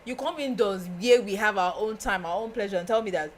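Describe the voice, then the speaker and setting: A young woman with a Nigerian accent, a podcast guest telling a story in casual chat, animated and often laughing. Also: a little fast, slight background noise. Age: young adult. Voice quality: laughing, animated, breaks into high squeals.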